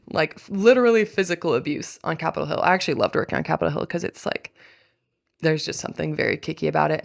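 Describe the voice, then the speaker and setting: Deep-voiced woman with gravelly fry. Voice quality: deep voice that frays into vocal fry. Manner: blunt, swears freely, wry asides. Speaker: podcast host. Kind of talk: candid personal monologue.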